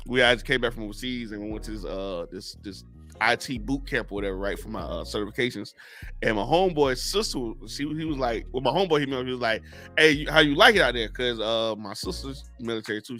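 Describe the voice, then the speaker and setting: A man's voice: mid-range voice, fast talker, pushed and bright, faint music behind. A man co-hosting a casual podcast, telling a wild drinking story with lots of slang, laughing as he goes. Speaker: podcast co-host.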